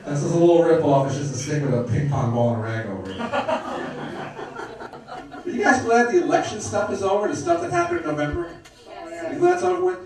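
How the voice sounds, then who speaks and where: Brash comic in an echoey club. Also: male voice, high voice, animated, quick pace, vocal fry, long pauses, darkish tone, recorded from a distance, faint music behind. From Brooklyn, New York. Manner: brash, wisecracking, crowd work. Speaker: stand-up comedian. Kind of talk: stand-up comedy set. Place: comedy club stage.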